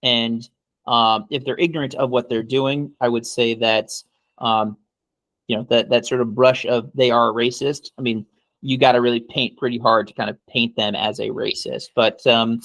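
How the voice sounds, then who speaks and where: A man's voice: mid-range voice, level tone, moderate pace, fairly bright tone, no echo. A young man co-hosting a podcast, rambling in casual crude comedy chat and swearing often. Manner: profane, joking, rambling. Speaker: podcast co-host.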